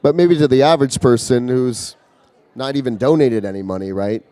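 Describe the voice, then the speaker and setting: A man with a mellow, warm voice talks in a loose, rambling way, often stopping and restarting his sentences. The sound is dry and close, with little room around it. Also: mid-range voice, a little fast, no echo. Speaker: interview guest. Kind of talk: casual conversation. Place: convention floor.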